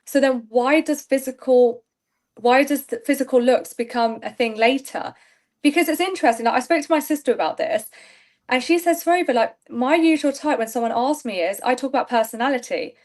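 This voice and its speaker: Chatty young woman, higher voice. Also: a little fast, a little mellow. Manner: chatty, candid, laughs often. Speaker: reality show contestant guest. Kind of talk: casual interview chat.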